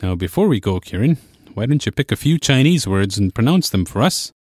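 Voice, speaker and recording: A man teaching a language lesson, explaining clearly and patiently. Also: medium pitch, sing-song, fairly quick, a little mellow, no room sound, clean studio sound. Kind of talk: scripted lesson narration.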